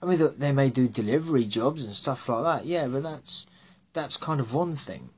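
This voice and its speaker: A husky-voiced man holding forth in a casual rant, his tone grainy and slightly breathy. He talks bluntly and scornfully, leaning on sarcasm and the odd curse, sitting in an unremarkable middle pitch. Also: expressive, normal speed, a little mellow.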